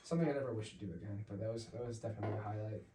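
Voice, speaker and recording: A young man tells a long story as a podcast guest, full of "like" and restarts, now and then slipping into other people's voices. His voice sits at an ordinary middle pitch. The sound is roomy and a little distant, with faint hiss. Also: very fast. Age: young adult. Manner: rambling, lots of "like", acts out voices. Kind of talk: casual storytelling. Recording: echoey room, mic at a distance, faint hiss.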